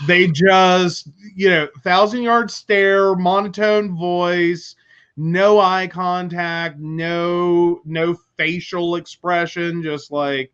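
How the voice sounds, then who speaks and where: A man's voice: high-pitched, flat delivery, very slow, a bit bright, clear, resonant tone, dull audio. A man hosting a casual talk show, rambling along with many filler words. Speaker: host. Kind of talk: casual chat.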